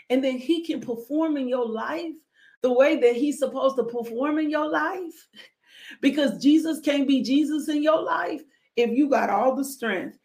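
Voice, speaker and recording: A woman's voice: high-pitched, darkish tone. A woman preaching a fervent sermon. She breaks into sudden whoops and leads call-and-response, calling out to congregation members by name.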